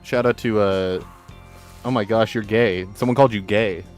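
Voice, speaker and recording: A man hosting a casual live stream, chatting while he plays a game and breaking into loud swearing outbursts at it. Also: on the low side, normal speed, faint music behind. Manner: excitable, swears and shouts at the game. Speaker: streamer and show host.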